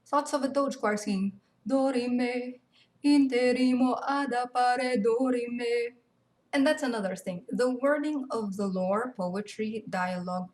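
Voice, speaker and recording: A young woman, ranting animatedly and sarcastically in casual game commentary, swearing freely. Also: mid-range voice. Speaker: gaming video commentator.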